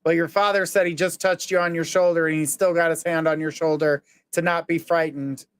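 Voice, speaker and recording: Male psychic medium, slightly high voice, smooth and clear, live reading. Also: level tone, a little fast, a bit bright. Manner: earnest, reassuring, relays messages in the first person.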